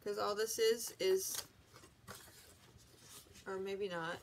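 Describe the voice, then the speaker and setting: A woman hosts a casual unboxing at home. Her voice sits at an ordinary pitch, and her talk is loose and rambling, full of restarts and second thoughts. A faint hiss sits behind her. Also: steady tone, slow. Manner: chatty, rambling, self-correcting. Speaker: vlog host.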